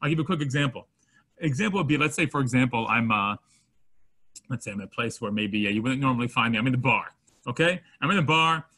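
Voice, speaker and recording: Lively rabbi teaching a torah class, bright husky voice, jumps around in pitch. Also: male voice, quick pace. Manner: animated, acts out scenarios with quoted voices; mixes Hebrew terms into English. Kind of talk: Torah lesson to students.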